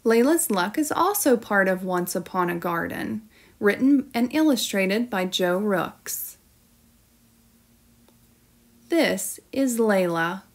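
A woman teacher reading a children's storybook aloud in an expressive, storytelling manner. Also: medium pitch, measured pace.

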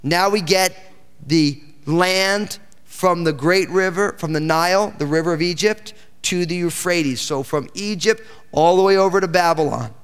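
A man's voice: high-pitched, unhurried, fairly bright tone, clean tone. A male pastor preaching a sermon, reading scripture aloud and breaking in with exclamations. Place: church sanctuary. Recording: church hall with long reverb.

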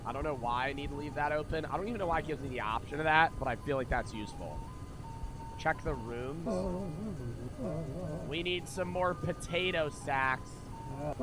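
A man's voice: medium pitch, normal speed, music in the background. A young man commentating a horror game, jumpy and nervous, swearing often and talking to his chat. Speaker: gaming commentator.

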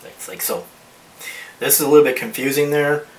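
An art teacher gives a drawing demonstration as he works, thinking aloud and rambling with many restarts. His voice is a little high and flat at normal speed, recorded at a distance with roomy echo and faint hiss.

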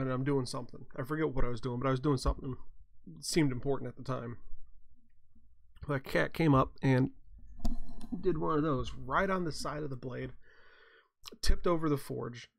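A man's voice: mid-range voice, creaky. A tired man hosting a casual chat, telling rambling stories with a wry, self-mocking humor. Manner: rambling, wry, chuckles at his own mishaps. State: tired, yawning. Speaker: blacksmith hosting a chat show. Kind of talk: casual storytelling.

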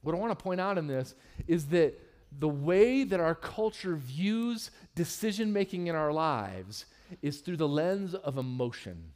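Male pastor, sermon, fairly high voice, candid, humorous, church sanctuary. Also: unhurried. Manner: candid and humorous, with lively swings in pitch and loudness.

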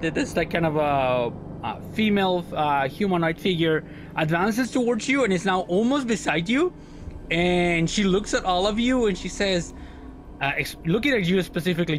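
A man's voice: high-pitched, animated, moderate pace, background noise. A man narrating as game master of a tabletop game, rambling and searching for words with lots of fillers.

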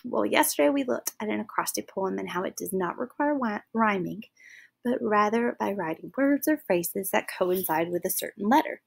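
Patient gravelly-voiced woman teacher. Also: medium pitch, expressive, moderate pace. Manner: patient, clear explaining, clapping out syllables. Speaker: first grade teacher. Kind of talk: recorded classroom lesson for young children.

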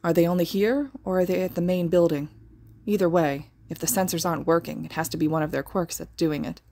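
A woman voicing a calm, rational teenage boy in a podfic reading. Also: lowish voice, brisk.

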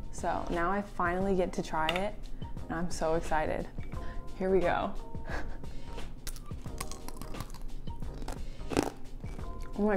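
A young woman talks through a recipe in a casual cooking vlog, giggling and saying "like" as she goes. She sounds nervous and excited by turns. Soft music plays faintly behind her voice. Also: medium pitch. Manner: excitable and nervous, laughs often, says "like" a lot. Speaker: food vlogger.

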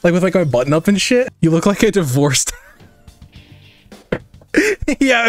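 Animated, swearing young male streamer. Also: high voice, unhurried, pauses often, soft background music. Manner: animated, profane, reads chat aloud and jokes back. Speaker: streamer and digital artist. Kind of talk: casual live-stream chat.

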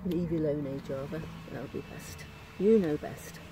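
A woman keeping chickens, talking softly and dotingly to her hens and new chicks outdoors by the coop. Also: sits low, normal speed, noisy background. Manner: soft, doting, talks to the birds. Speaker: backyard chicken keeper. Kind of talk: cooing chat to hens and chicks. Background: clucking hens and cheeping chicks.

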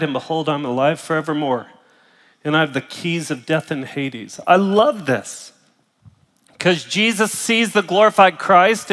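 Hurting middle-aged pastor man preaching, kinda high voice, coughs a lot, big echoey hall. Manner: emphatic, rising to loud bursts, coughing and clearing throat between phrases. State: in pain, voice strained. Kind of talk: sermon. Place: large church auditorium. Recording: large hall reverb.

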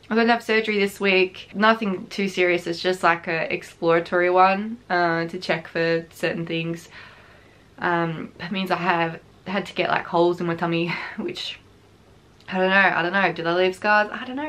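A woman's voice: medium pitch, a bit bright. Young woman, craft vlogger, short of breath, chatty and rambling, casual to-camera talk. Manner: chatty, rambling, laughs often.

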